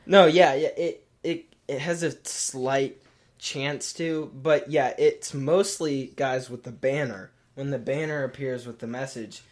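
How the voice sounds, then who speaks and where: A man's voice: medium pitch, fairly even intonation, a little slow. A man co-hosting a casual tech podcast, rambling and thinking aloud with lots of "like"s. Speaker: podcast co-host.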